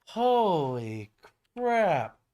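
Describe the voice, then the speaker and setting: A man live-streaming a strategy game, chatting casually with viewers and breaking into loud, shocked exclamations. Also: high-pitched, sing-song, very slow.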